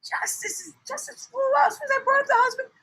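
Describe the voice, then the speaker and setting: A young woman giving a casual tarot reading, animated and blunt, swinging from soft muttering to loud outbursts. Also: very high voice, a little fast, poor audio. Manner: animated, swings from soft mutters to shouts, laughs often, swears. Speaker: tarot reader.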